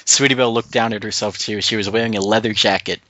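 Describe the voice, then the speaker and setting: Bright-voiced man reading fanfic on a call. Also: fairly low pitch, fairly even intonation, quick pace, no echo, lo-fi sound. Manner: stumbles over words, breaks into laughter. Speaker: reader on a group call. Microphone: computer mic on a voice call.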